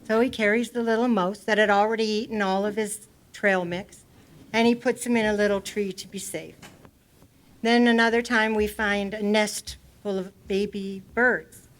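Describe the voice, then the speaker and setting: A woman's voice: mid-range voice, steady tone, normal speed. A middle-aged woman speaking as a grieving mother at a memorial, talking off the cuff in a rambling, informal, heartfelt way in a community centre hall. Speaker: grieving mother giving a eulogy. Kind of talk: unprepared memorial speech.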